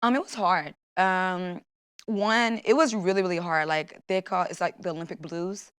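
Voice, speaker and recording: A woman's voice: fairly low pitch, normal speed, clear, resonant tone. A young woman, an Olympic athlete, telling her story in a casual interview and acting out her own thoughts and the things people said to her. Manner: lively, acts out her own inner voice and quotes. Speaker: Olympic long jumper guest.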